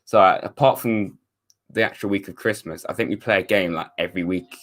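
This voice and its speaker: Low, a bit bright, and a little fast, his voice carries a casual live stream watchalong. The young Englishman reads viewer comments aloud, rambling and self-correcting while slipping in sarcastic, wry remarks.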